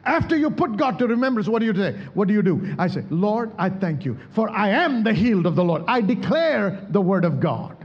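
Animated, husky-voiced male preacher. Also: high-pitched, brisk, hardly any pauses, big-room sound, dull audio. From India. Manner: preaching with emphatic calls to the church. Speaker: pastor. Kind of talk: sermon.

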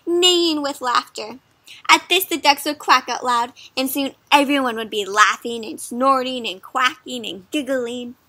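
Woman, kids' read-aloud host, gentle and questioning, high voice, dry close mic. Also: a little slow, no room sound. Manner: gentle, asks the listener questions. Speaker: children's storybook reader. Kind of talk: interactive read-aloud for kids.

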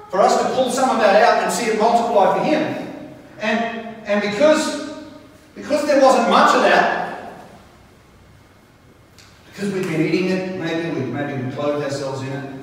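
Male pastor, animated storyteller, distant mic, faint hiss in a big room. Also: sits high, very echoey, big-room sound. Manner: animated storytelling with frequent restarts. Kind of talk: sermon. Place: large church hall.

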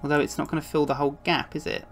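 A woman's voice: low-pitched, flat delivery, very fast, faint music behind. A woman streaming a puzzle game, chatting along and cooing to the cats on screen with little giggles. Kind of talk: live gameplay commentary.

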